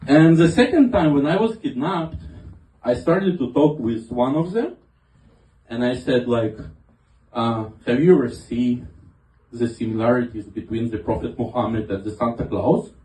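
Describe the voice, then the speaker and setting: A man doing a self-mocking stand-up set in a small club, talking in a halting way with lots of fillers. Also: mid-range voice, mellow. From half Ukrainian, half Israeli. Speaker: stand-up comedian. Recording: roomy club audio from a distance.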